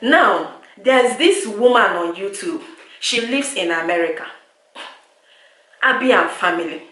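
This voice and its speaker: Nigerian woman vlogger, frustrated rant to camera, echoey room, mid-pitched voice. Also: animated, measured pace, a bit bright. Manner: exasperated, repetitive, lapsing into pidgin. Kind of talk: direct-to-camera vlog rant.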